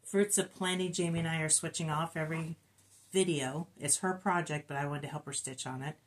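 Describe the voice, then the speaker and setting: Low-voiced chatty woman stitcher. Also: steady tone, a little fast. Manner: chatty, reports stitch counts, self-deprecating. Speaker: co-host of a cross-stitch channel. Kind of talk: casual chat.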